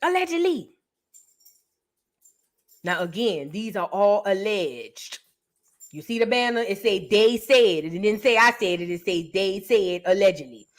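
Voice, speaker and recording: A young woman hosting a reaction video, talking with loud, profane and sassy mockery. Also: medium pitch, normal speed. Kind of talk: brash gossip commentary.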